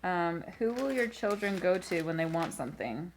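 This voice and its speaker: Playful woman asking lively questions. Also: on the low side, moderate pace, a little hiss or hum. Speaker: interviewer. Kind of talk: casual interview questions.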